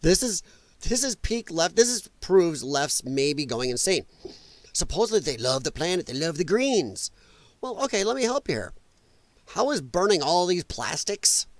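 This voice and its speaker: A man's voice: a little high, big pitch swings, normal speed, no echo. A man hosting a live political commentary show, ranting in an exasperated, mocking and profane way. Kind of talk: live solo political rant.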